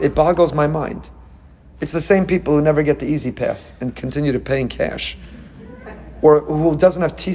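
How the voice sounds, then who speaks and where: A man giving a sermon as a rabbi, animated and full of rhetorical questions, with Hebrew terms mixed in. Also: fairly high pitch, a little hiss or hum.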